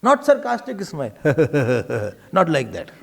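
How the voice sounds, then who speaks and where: Animated swami giving a sermon. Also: male voice, a little high, takes it slowly, gravelly, breathy edge. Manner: animated, acts out dialogues, drops to whispers. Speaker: swami, spiritual teacher. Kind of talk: devotional discourse.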